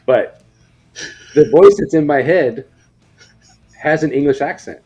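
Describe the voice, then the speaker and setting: A man's voice: a little high, a little slow, warm tone, breathy edge, dull audio. An American man co-hosting a casual podcast, rambling and repeating words as he starts his sentences. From United States. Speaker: podcast co-host.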